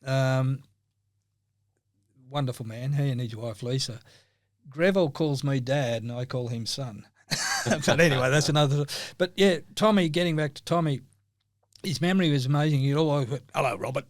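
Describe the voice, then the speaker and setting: A man's voice: medium pitch, moderate pace, no room sound. Rambling older Australian man, dry sound. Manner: rambling, anecdotal, laughs often. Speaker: guest. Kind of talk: casual chat.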